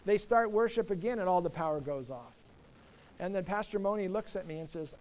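A man's voice: high voice, expressive, brisk, darkish tone, a little hiss or hum, low-quality recording. A middle-aged man preaching a sermon, earnest and stumbling over repeated words as he starts phrases, putting questions to the congregation. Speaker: pastor.

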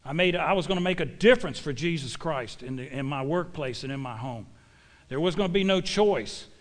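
A man with a fairly high voice for his sex, preaching in a church. He speaks in a folksy, emphatic way and leans on homespun sayings to drive each point home to his congregation. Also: expressive, brisk. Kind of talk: sermon.

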